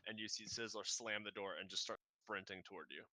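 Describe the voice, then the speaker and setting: A man's voice: lowish voice, steady tone, sharp tone, dry recording. A man narrating a tabletop game as game master, often stopping and restarting his sentences. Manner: halting, restarts mid-sentence.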